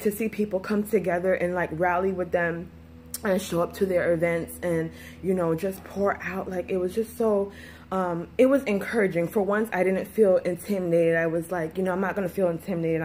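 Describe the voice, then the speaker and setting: A woman's voice: medium pitch, a little mellow, slight background noise. A woman vlogging in a candid, rambling personal way, with many fillers and restarts, sometimes close to tears. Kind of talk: casual personal vlog talk.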